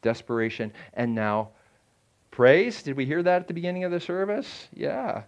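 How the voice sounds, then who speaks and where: A man's voice: a little high, very animated, moderate pace. An older man giving a sermon as a guest preacher, talking in a conversational way and asking the congregation questions.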